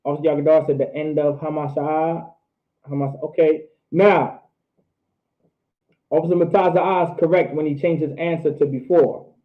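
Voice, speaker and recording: A man's voice: fairly high pitch, fairly even intonation. Man teaching a class over tinny audio. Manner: repetitive, drills phrases slowly syllable by syllable. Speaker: language teacher. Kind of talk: online class lecture.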